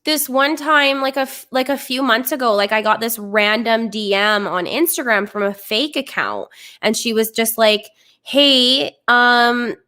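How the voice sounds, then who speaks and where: Bright-voiced chatty young woman. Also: a little high, normal speed. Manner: chatty, frequent "like" fillers, laughs easily. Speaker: podcast guest. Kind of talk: casual chat.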